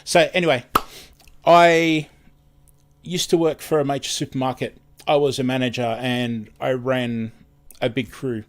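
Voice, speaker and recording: An Australian man hosting a live stream in casual chat, rambling, self-deprecating and tripping over his words. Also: mid-range voice.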